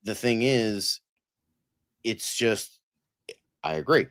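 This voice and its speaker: A low-voiced man co-hosts a loose live-stream chat. He rambles through his points with plenty of fillers and swears freely. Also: expressive, takes it slowly. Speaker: co-host.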